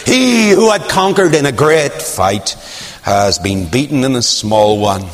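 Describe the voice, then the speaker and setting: A man preaching a sermon, telling a story with sudden high swoops of emphasis and hushed low asides. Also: big pitch swings, unhurried. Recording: long hall reverb.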